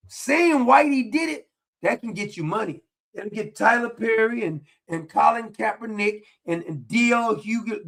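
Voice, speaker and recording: Gravelly high-voiced man ranting. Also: a bit bright. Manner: combative, mocking, repetitive. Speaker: political commentary host. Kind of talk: ranting monologue.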